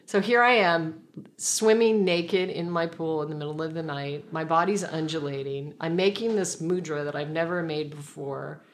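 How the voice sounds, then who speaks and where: A woman guest in a relaxed conversation, telling a personal story in a reflective, meandering way with frequent restarts. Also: low-pitched, normal speed.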